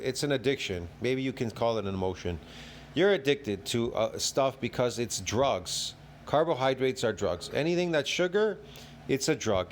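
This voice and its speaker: A man reacting to a video with a long, emphatic rant full of repeated phrases and rhetorical questions. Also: mid-range voice. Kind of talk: ranting commentary.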